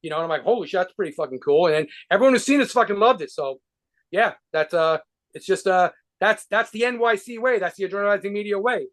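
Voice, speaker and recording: New guy with a highish voice, rambling and cursing through a casual interview, lots of restarts. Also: quick pace, a bit bright. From New York. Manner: rambling, profane, with frequent restarts and laughs. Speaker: guitarist and band leader being interviewed.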